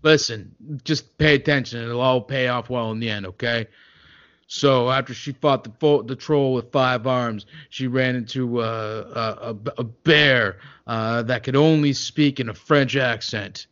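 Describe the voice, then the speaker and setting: Brief: a man of medium pitch, rambling storyteller, gruff with the kids, lots of hesitations, lo-fi recording. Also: unhurried, a bit bright. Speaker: comic storyteller doing an impression. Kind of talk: comedy sketch storytelling.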